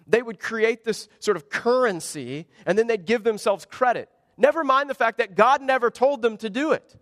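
High-voiced man preaching a sermon. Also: moderate pace, no room sound, clean studio sound, long reverb tail. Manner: animated preaching with wide swings in pitch and volume. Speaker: pastor. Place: church sanctuary.

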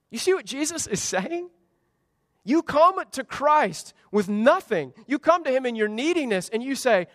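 A man's voice: very high voice, sing-song, moderate pace, fairly bright tone. A man preaching a sermon, emphatic, asking rhetorical questions and acting out the quotes he reads. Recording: dry close mic with long hall reverb.

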